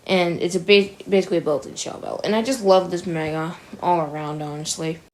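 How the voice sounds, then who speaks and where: A young woman giving casual, opinionated commentary for a gaming video, chatty and quick to laugh at her own jokes. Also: lowish voice, steady tone.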